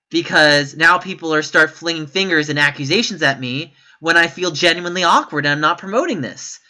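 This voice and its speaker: Exasperated man with a bright voice. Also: fairly quick, hardly any pauses. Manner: emphatic and exasperated, with sudden high-pitched outbursts; rambling, self-correcting delivery. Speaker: YouTube commentator. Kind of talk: opinion commentary vlog.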